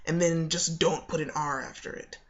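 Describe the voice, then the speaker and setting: A woman's voice: deep voice, little pitch movement, moderate pace, muffled recording. A young woman, teaching in a casual video lesson, chatty and full of fillers and restarts. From United States. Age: young adult. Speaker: accent coach.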